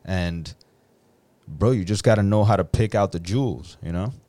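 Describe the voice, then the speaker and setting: Deep-voiced man musing in casual chat. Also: warm tone, no echo. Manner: musing, philosophical, drawn-out phrasing with fillers.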